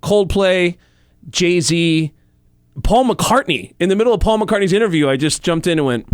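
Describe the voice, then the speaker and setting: Comedian guy telling stories, lively and quick, kinda high voice, dry sound. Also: dry recording. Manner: animated, quick storytelling. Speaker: comedian and impressionist guest. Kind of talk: casual storytelling.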